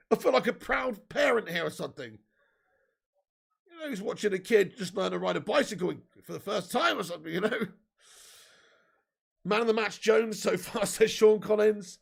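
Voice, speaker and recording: A man hosting a live football watch-along, swinging from low grumbling to excited shouting, swearing often. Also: normal speed, creaky, pauses often, breathy edge.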